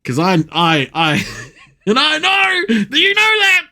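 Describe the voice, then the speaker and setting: A man's voice: very high-pitched, wildly swooping pitch, takes it slowly, pushed and bright. A man streaming live, ranting and swearing with frequent laughter as he comments. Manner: profane, ranting, laughing often.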